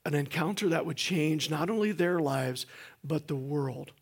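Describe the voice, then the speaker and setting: A gravelly, high-leaning voice with a breathy edge belongs to a middle-aged guest pastor preaching in a church sanctuary. He speaks a little slowly, mixing folksy jokes with frequent fillers and restarts.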